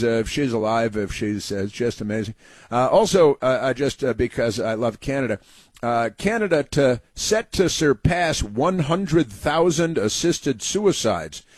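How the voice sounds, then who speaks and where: A man's voice: medium pitch, no echo. A man hosting a sarcastic monologue, reading out headlines with many fillers and restarts and mocking them. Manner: sarcastic, halting with many fillers, mimics people in raised voices.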